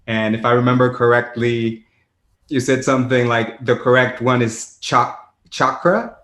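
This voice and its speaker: A man's voice: mid-range voice, completely flat delivery, moderate pace, a bit bright, roomy sound. A man hosting a podcast, introducing the episode and chatting in a friendly way, sometimes restarting his sentences. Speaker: podcast host. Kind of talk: podcast intro and casual interview.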